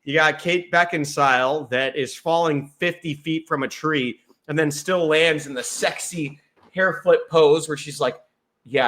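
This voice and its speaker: A man with a slightly raised pitch chatting about a film with his friends. He rambles along, enthusiastic and full of wisecracks. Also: fairly bright tone. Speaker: movie review podcast co-host. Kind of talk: casual chat.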